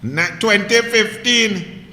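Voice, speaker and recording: A man's voice: high voice, slow, bright, forceful tone, echoey room, in a large hall. A man with a Trinidadian accent giving a heated, mocking political monologue full of rhetorical questions. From Trinidad and Tobago. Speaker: political commentator.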